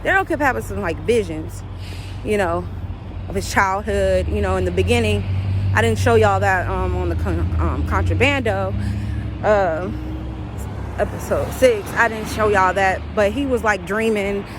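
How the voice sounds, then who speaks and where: A woman talking through a casual, emotional TV episode recap, shrieking at big moments and dropping to quiet murmurs at sad ones. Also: mid-range voice, moderate pace. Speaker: TV recap vlogger. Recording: steady background traffic noise.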